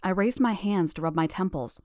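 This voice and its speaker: A woman narrates an audiobook chapter in the first person, with a lowish voice. Her reading is steady and measured. The recording is dry, with no room sound. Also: no room sound.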